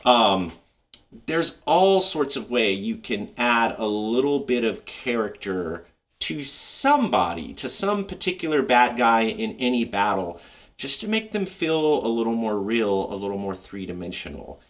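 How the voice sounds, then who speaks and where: Lively, rambling game master man. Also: medium pitch, unhurried, far from the mic. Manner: enthusiastic, rambling. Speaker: tabletop game master and video host. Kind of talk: casual advice monologue.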